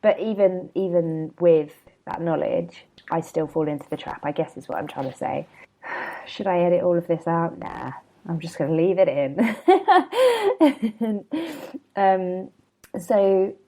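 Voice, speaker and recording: A woman's voice: fairly low pitch, measured pace, mellow, slight background noise, poor audio. A woman in her thirties hosting a casual solo podcast, chatty and candid, laughing often and wandering off topic while a bit hungover and yawning. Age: 30s. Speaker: podcast host and blogger.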